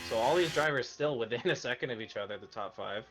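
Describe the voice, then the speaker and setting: A man with a Canadian accent giving relaxed, conversational live commentary on a sim racing session, thinking aloud as he goes. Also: mid-range voice, fast, soft background music. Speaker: lead commentator.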